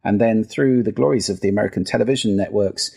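This middle-aged guest from the UK talks fast in a gravelly, slightly rough voice with a little mellowness. A sound and listening expert on a podcast interview, he illustrates his points about voice and listening by shifting his pitch and register.

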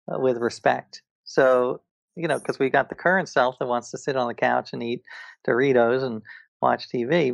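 A man's voice: medium pitch, gravelly, no room sound, dull audio. A man, an author and guest, talking in a casual interview, telling stories with enthusiasm and frequent restarts.

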